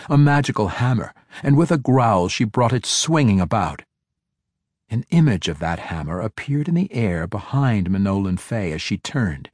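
A man narrating a fantasy audiobook with a dramatic, expressive reading. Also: lowish voice, no echo, studio quality.

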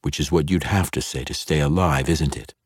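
A man reading an audiobook and voicing an angry, blunt male dark elf weapon master who growls his clipped lines. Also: extremely low pitch, fairly quick, slightly rough, dry recording, clean studio sound. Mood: wry.

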